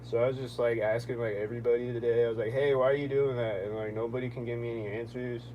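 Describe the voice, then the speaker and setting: A young man talking casually in a vlog, rambling and filling his speech with "like", quick to sound annoyed. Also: mid-range voice, steady tone, highs cut off, noisy background. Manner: rambling, heavy on "like", quick-tempered. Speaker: vlogger.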